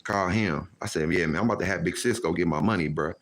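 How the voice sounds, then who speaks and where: Low-voiced man telling a street story. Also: quick pace, dry recording. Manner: animated, acts out quoted voices, heavy slang. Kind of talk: casual storytelling.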